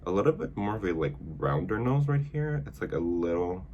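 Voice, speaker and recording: A man talks through a makeup tutorial in a low voice that rises and falls a lot. He rambles casually, leans on "like", and trips over words when reading. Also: big pitch swings, fairly quick, muffled recording, slight background noise. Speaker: makeup vlogger.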